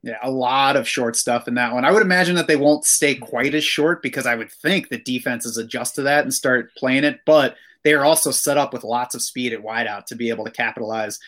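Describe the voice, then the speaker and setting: A man hosting a fantasy football podcast, explaining things in a steady, casual chat. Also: mid-range voice, brisk, few pauses. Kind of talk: casual sports analysis chat.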